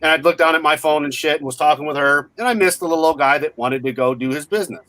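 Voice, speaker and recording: A man in his forties, with a voice pitched a little above average, tells a story in blunt, profane casual chat. He's animated and quick. The recording is dry and close, with almost no room sound.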